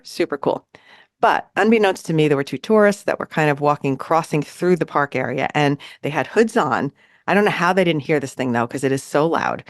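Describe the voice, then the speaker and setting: A woman co-hosting a podcast in casual chat, telling a story in an animated way and acting out what people said. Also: deep voice, no echo, clean studio sound. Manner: animated, acts out quoted lines. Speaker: podcast co-host. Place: New York City.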